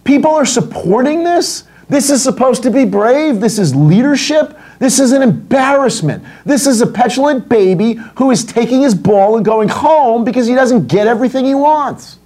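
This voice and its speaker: A man's voice: very high-pitched, animated, normal speed, few pauses, a little mellow. A middle-aged man from the United States hosting a political commentary show, ranting in an indignant, sarcastic and profane way.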